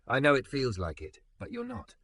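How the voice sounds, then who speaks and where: A man voicing a calm young man who counts someone through their breathing, speaking slowly, steadily and reassuringly. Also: mid-range voice, a little hiss or hum, voice pushed up.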